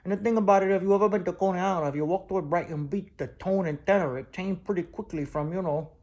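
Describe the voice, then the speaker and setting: A man's voice: high voice, quick pace, darkish tone, close to an everyday voice. A man voicing a brash, streetwise male plush bulldog who tells a rambling comic story in chatty, broken-grammar patter. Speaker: show mascot.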